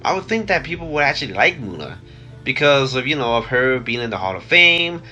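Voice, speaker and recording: A man's voice: mid-range voice, very animated, brisk, bright, forceful tone, soft background music. A young man with a stuffy nose from a cold, rambling casually with many fillers and restarts. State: congested from a cold. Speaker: vlogger.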